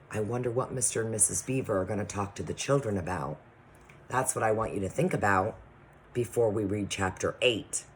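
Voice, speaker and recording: A woman teacher reading a chapter book aloud to her class and then giving assignments, patient and deliberate, often checking in with the children. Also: very deep voice, a little hiss or hum.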